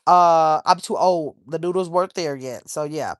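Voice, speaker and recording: A woman's voice: low-pitched, moderate pace, no echo, studio quality. Chatty woman hosting a livestream. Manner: chatty, rambling, reads viewer comments aloud. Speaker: livestream host. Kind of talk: casual livestream chat reading comments.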